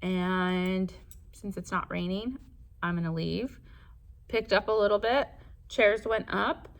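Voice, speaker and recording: A young adult woman teacher talks through her day in her classroom, chatty and rambling as she lists what comes next. Her voice sits at a mid pitch and has a gravelly, fried texture. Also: slow. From Southern California. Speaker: first grade teacher. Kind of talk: casual vlog narration.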